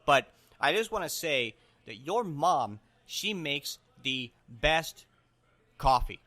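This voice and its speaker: A man's voice: a little high, big pitch swings, slow pace, pushed and bright, heavily acted. A man playing a rambling, self-important humanitarian guest who stumbles over his words in an improvised comedy podcast bit.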